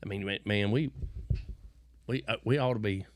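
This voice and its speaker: A man's voice: on the low side, moderate pace, no room sound, studio quality. A middle-aged man from West Texas with a West Texas accent, telling rambling, folksy stories in an interview and often restarting his words. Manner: folksy, repeats and restarts words, preachy bursts. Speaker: interview guest. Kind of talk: rambling conversational storytelling.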